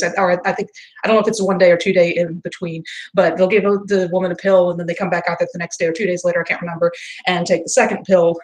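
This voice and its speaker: A woman's voice: fairly low pitch, a little mellow, poor audio. A woman streaming live, talking casually but growing impassioned and argumentative, with emphatic outbursts. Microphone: home streaming mic.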